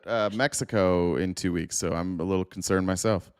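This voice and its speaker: A man's voice: deep voice, steady tone, normal speed, clean tone, no echo, studio quality. A man hosting a call-in talk show, easygoing and chatting casually with callers. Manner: easygoing, laughs along. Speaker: show host.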